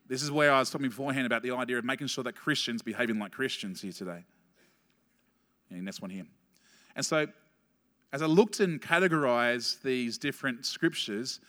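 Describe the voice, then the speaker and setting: A man preaching a sermon as pastor, telling a story with quick, animated asides and laughing at his own jokes. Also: medium pitch. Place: church hall. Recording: long reverb of a church hall.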